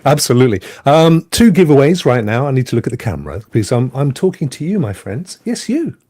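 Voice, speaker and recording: Male host, chatty and jokey, bouncy high voice, dry close sound. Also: sing-song, fairly quick, dark tone, breathy edge, no room sound. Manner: jokey, chatty, thanks viewers by name. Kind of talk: casual livestream chat.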